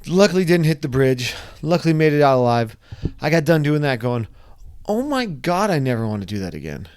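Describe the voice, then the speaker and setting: A young man casually telling a personal story, animated and acting out his own reactions. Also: mid-range voice, fast, smooth. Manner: animated, acts out his own screams and quotes.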